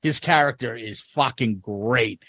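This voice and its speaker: A man's voice: mid-range voice, measured pace, dry recording, clean studio sound. A man co-hosting a podcast in casual chat, telling stories with a lot of swearing and acted-out quotes. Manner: animated storyteller, swears a lot. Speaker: podcast co-host.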